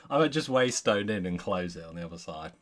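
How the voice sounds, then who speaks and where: A man, the game master, chatting in a measured, deliberate way after a tabletop session. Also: low voice, expressive.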